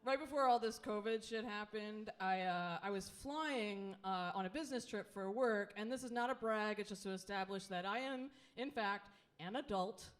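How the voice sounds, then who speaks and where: A woman's voice: medium pitch, moderate pace, hardly any pauses. A woman in her late thirties with a Philadelphia accent doing a live stand-up set, chatty and self-deprecating, laughing through her lines. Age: late 30s. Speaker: stand-up comedian. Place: comedy club stage.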